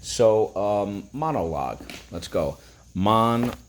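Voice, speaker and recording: A man's voice: low-pitched, a little slow, a little hiss or hum. A man teaching a phonics lesson, breaking words into syllables and prompting listeners to repeat.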